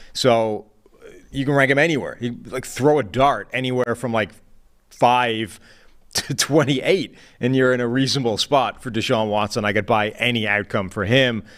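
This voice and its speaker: A man hosting a casual sports discussion as a football analyst, measured and analytical as he lays out his points one by one. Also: mid-range voice, fairly bright tone. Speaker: show host and football analyst.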